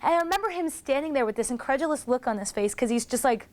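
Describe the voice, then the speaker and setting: A woman in her forties telling casual stories about her wrestling career, animated and acting out what others said. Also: high-pitched, fast talker, background noise. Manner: animated, acts out others' lines in quotes. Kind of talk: casual storytelling commentary.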